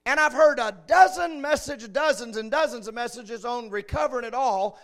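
A man preaching a sermon, swinging between shouted peaks and quiet asides. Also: very high-pitched, moderate pace.

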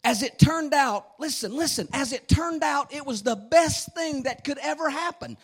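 A man preaching a fervent sermon, repeating phrases and breaking into shouts. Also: very high voice, moderate pace.

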